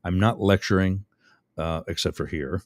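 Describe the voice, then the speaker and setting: A man's voice: deep voice, steady tone, normal speed, no echo. A middle-aged man hosting a radio talk show, rambling and chatty, often interrupting himself with fillers.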